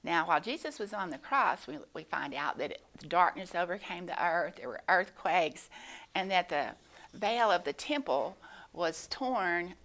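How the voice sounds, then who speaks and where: A woman gives a children's Bible lesson at church, explaining gently with frequent pauses and fillers. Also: on the low side, lively intonation. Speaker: Sunday school teacher.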